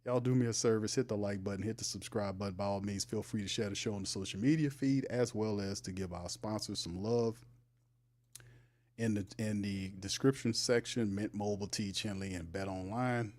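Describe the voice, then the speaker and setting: A man's voice: lowish voice, a little fast, a little mellow. A man hosting a sports livestream, talking casually and animatedly, teasing his chat and laughing often. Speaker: sports show host.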